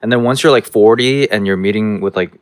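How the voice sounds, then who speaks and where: A young man hosting a casual podcast chat, telling funny stories with lively, jumpy delivery. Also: brisk, clear, resonant tone. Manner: animated storyteller, jumps up in pitch for punchlines. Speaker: podcast host. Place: indoor podcast recording.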